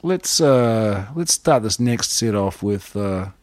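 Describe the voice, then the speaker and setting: A man from New Zealand hosting a radio show, chatting in a relaxed, rambling way between records. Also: on the low side, takes it slowly, no echo.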